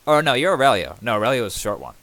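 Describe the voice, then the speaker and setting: A man's voice: medium pitch, very animated, rapid-fire, a bit bright, dry recording, voice pushed up. A man voicing a blunt, easily confused young male blacksmith. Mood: puzzled.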